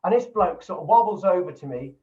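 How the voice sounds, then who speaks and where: Animated, swearing man on a lo-fi mic. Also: sits high, a little fast, recorded from a distance. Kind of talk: casual podcast chat.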